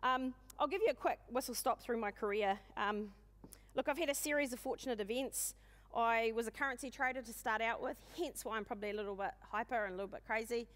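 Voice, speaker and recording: A long hall reverb surrounds this conference speaker, a woman in her forties with a New Zealand accent. She gives a humorous keynote at a quick pace, her voice loud and booming as she jokes at her own expense.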